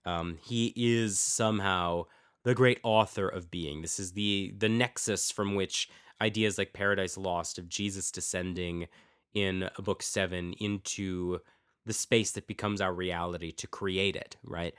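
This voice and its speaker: A man's voice: deep voice, fairly even intonation, a little slow, fairly bright tone, clear, resonant tone. A man hosting a podcast, teaching informally on scripture, musing aloud and posing rhetorical questions to his listeners. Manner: reads scripture aloud with dramatic emphasis. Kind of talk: informal lecture with Bible readings.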